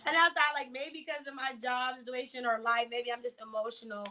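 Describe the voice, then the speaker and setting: A woman hosting a casual video call chat, telling stories in a lively way with slang and frequent laughter. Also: fairly high pitch, brisk. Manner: lively storyteller, laughs often, uses slang. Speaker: host.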